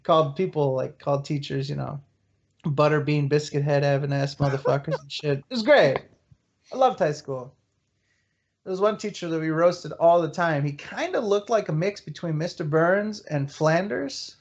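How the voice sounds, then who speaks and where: A man's voice: a little high, normal speed. A man hosting a podcast, telling crude, laugh-filled stories in casual chat over a voice call. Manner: crude, storytelling, laughs a lot. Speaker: podcast host. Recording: dull lo-fi voice call audio.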